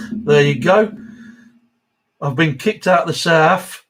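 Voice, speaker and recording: A fairly high-pitched, slightly rough male voice moves at a slow pace. The speaker is a middle-aged host of a diecast model livestream from the English Midlands, with an East Midlands accent. He's friendly and chatty, reading viewer comments out and chuckling between each.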